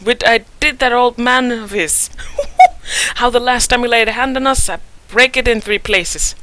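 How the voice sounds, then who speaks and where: A woman's voice: a little high, normal speed, pushed and bright, voice pushed up. A woman voicing a fierce awakened woman's soul living inside an elf, in a put-on accent, brash and mocking. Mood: gloating. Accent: put-on regional accent.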